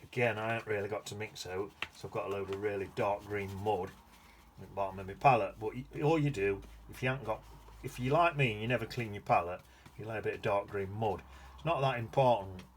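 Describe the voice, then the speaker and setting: A man's voice: on the low side, quick pace, a little hiss or hum. A man giving a casual watercolour painting demonstration, rambling along with muttered asides to himself. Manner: chatty, rambling self-talk with muttered asides. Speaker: painting teacher.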